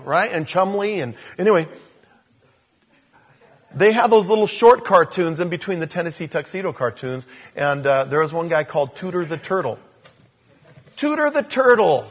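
A man's voice: high voice, normal speed, slightly rough. An older man preaching a sermon in a church, telling stories and joking with the congregation. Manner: animated, storytelling, joking with the congregation. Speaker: pastor.

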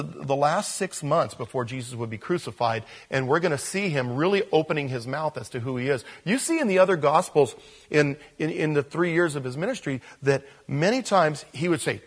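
Pastor, male, slightly higher voice, emphatic, repeats key phrases in a verse-by-verse sermon. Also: expressive, moderate pace, slightly rough.

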